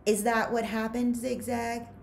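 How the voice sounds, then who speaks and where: A woman's voice: on the high side, level tone, unhurried, gravelly, a little hiss or hum, voice pushed up. A woman voicing a cold woman camp warden who speaks dryly and mockingly, in a storybook reading. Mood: sarcastic. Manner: dry, mocking.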